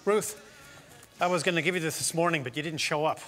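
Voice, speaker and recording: A man's voice: fairly high pitch, fairly quick, a bit bright, faint music behind, natural voice. A man playing a stammering, polite teacher. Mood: awkward. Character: shy, polite young male schoolteacher. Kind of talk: stage play acting. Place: theater stage.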